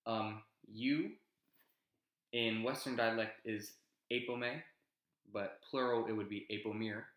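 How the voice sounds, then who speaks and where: A young man casually teaching his invented language, relaxed and rambling, with many ums and self-corrections. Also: on the low side, roomy sound. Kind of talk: casual explanatory lesson.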